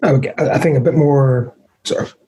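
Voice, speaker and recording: A man's voice: medium pitch, fairly quick, warm tone. A man answering a coach's questions, hesitant and full of fillers. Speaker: client in coaching demo.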